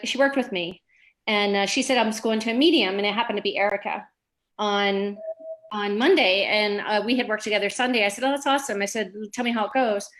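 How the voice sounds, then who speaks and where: A middle-aged woman recounts a personal experience in a mid-range voice. Her speech is halting, full of pauses, restarts and soft fillers. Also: mid-range voice, poor audio. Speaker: bereaved mother sharing her story. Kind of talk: personal storytelling.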